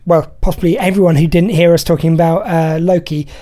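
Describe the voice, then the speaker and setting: A woman's voice: lowish voice, fairly even intonation, brisk, dark tone. A woman hosting a radio show, chatting casually and enthusiastically about films. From Britain. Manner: chatty, enthusiastic, laughs easily. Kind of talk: casual film review chat.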